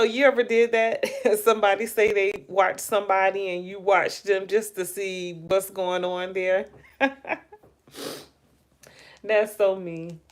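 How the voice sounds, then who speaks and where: A woman hosting a casual livestream, chatting about celebrity news, musing aloud and addressing her viewers directly. She keeps yawning and sounds tired. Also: medium pitch. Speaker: livestream host. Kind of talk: casual live gossip commentary.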